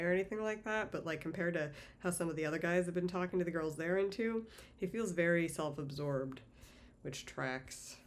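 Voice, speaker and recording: A woman's voice: fairly low pitch, fairly quick. A woman hosting a reaction video, giving frank, wry commentary on a dating show. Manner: wry and frank, with small laughs. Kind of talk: candid reality-show commentary.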